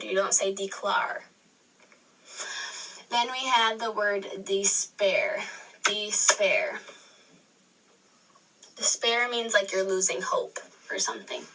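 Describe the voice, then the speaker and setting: A woman's voice: medium pitch, bright, forceful tone. A woman teacher explaining a spelling lesson step by step, patiently restating and correcting herself. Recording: video re-recorded from a screen, distant mic.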